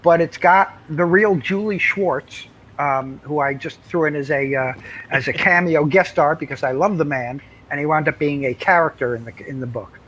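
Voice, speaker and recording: A man's voice: fairly high pitch, normal speed, a bit bright, rough recording. An older man, a comics writer, telling anecdotes in casual interview chat, rambling with many fillers and restarts.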